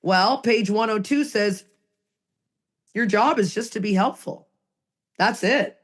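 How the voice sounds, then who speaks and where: A woman's voice: mid-range voice, unhurried. A woman co-hosting a podcast, talking in an earnest, emphatic way and repeating phrases for effect. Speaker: podcast co-host. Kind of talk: casual recovery podcast talk.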